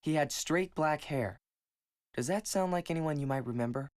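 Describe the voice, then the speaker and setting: A man's voice: fairly high pitch, normal speed, a little mellow, no echo, clean studio sound, close to an everyday voice. A young man voicing a polite, earnest amateur detective asking questions in a video game. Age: young adult. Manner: polite, matter-of-fact questioning.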